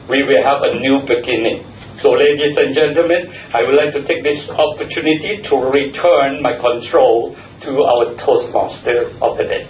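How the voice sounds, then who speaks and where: A man's voice: mid-range voice, moderate pace, recorded from a distance, background noise. A man giving a joking, encouraging talk as general evaluator at a speaking club meeting. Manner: joking, chatty, laughs at his own stories. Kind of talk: humorous encouraging club speech. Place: meeting room. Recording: echoey room, picked up from afar.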